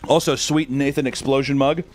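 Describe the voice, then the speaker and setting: A man streaming, reading out fan messages and answering them with crude, deadpan jokes. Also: mid-range voice, fairly quick, faint music behind. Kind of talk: casual chat.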